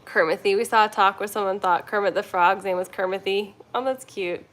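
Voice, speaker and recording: A woman's voice: mid-range voice, fairly even intonation, fairly quick, fairly bright tone. A young woman hosting a casual livestream, chatting and reading viewer comments in a rambling way while talking to her cats. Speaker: kitten rescue livestream host.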